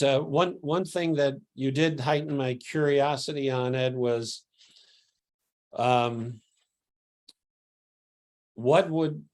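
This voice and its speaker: Relaxed slow-speaking reverend. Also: male voice, medium pitch. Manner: relaxed, gently humorous. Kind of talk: sermon opening.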